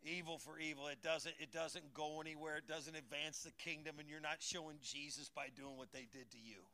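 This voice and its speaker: Older male pastor, high bright voice, folksy joking preacher, sermon in a church. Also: steady tone, brisk. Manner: folksy, joking, calls to congregation. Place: church sanctuary.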